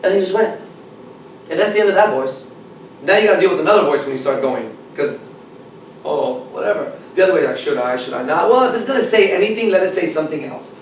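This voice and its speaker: A man's voice: sits high, lively intonation, fast. A man coaching a small group, talking bluntly and with heavy swearing. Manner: blunt, profane, emphatic. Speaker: dating coach. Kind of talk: seminar talk to a small group. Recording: echoey room, mic far off, faint noise.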